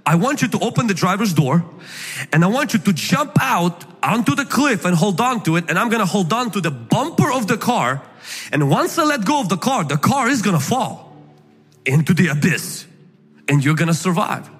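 A man's voice: high voice, sing-song, moderate pace, a bit bright, slightly rough, full character voice. A man voicing a stern older male judge who gives firm instructions, in an echoey hall with faint music behind.

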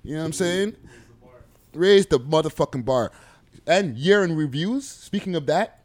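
A man co-hosting a casual podcast chat, animated and swearing, laughing often. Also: fairly high pitch, moderate pace. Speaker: co-host.

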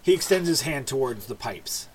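A man's voice: medium pitch, a little hiss or hum. Laid-back man running a tabletop game. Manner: relaxed, halting, many fillers. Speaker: game master.

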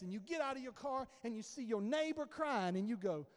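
A man's voice: high voice, lively intonation, fast talker, hardly any pauses, big-room sound. A male pastor preaching a conversational sermon and acting out little dialogues. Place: church sanctuary.

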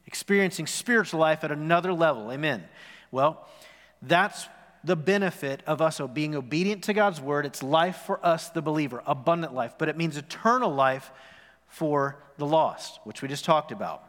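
Pastor in his forties preaching, kinda high voice, tells stories, asks the room questions, echoey worship hall. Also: normal speed, fairly bright tone. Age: 40s. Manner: storytelling, asks the congregation questions. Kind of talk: sermon. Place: church sanctuary. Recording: long reverb in a worship hall.

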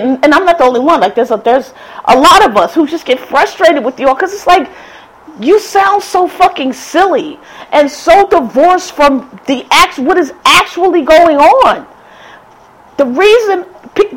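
A woman's voice: high-pitched, rough recording. A woman delivering a blunt, profane, exasperated opinion monologue as a political commentator.

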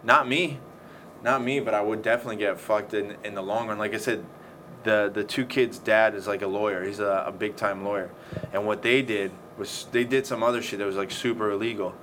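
A man's voice: lowish voice, fairly even intonation, brisk, a bit bright. A man telling a story in casual chat, swearing often and acting out the scenes. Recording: faint background noise.

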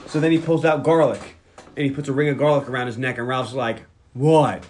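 A man's voice: medium pitch, fast talker. A man hosting a podcast, animatedly recapping a film plot in casual chat and laughing often. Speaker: podcast host.

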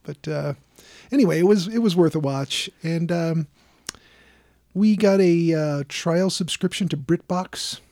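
A man from Chicago chatting casually as a podcast host, wandering through anecdotes with plenty of "uh" and "like". His voice sits fairly high for a man yet sounds dark and mellow. The recording is close and dry, with little room sound. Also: measured pace, dry recording. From Chicago, United States. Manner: loose, rambling storytelling with fillers. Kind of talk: casual chat.

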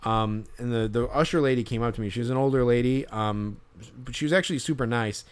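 Brief: casual male host, rambling storyteller, mid-pitched. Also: quick pace, smooth. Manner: rambling, many fillers and restarts. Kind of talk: casual chat.

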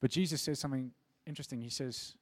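A man preaching with earnest conviction, his pitch sitting at an ordinary middle level. He repeats words as he builds toward each point, then drops softer as he invites a response. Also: steady tone, fast talker. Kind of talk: sermon.

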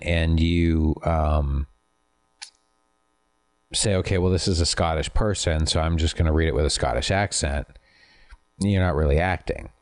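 A man in casual conversation, explaining his views in a thoughtful, measured, self-deprecating way. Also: deep voice, a little mellow. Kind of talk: casual chat.

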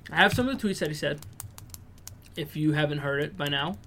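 A man with a slightly high voice chats loosely about football on a podcast. He laughs often and swears freely, excitable and quick to crack up. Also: vocal fry, a little hiss or hum. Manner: laughs a lot, profane, excitable. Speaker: podcast co-host. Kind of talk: casual sports chat.

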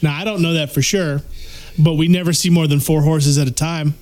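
Man, slightly high voice, dry sarcastic movie talk, casual chat. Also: fairly even intonation, brisk, a little mellow.

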